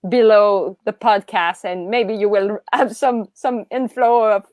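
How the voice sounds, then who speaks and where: Slow-spoken enthusiastic woman podcast host. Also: medium pitch, fairly even intonation, a little mellow, no room sound. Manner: enthusiastic, searching for words, effusive praise. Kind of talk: interview podcast.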